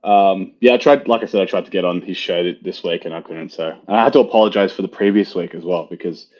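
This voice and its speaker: A laid-back Australian man talks in a lowish voice as a podcast guest, easygoing and swearing freely. His sound comes through dull and lo-fi, lacking its top end. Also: quick pace, darkish tone. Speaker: guest arm wrestler. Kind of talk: casual chat.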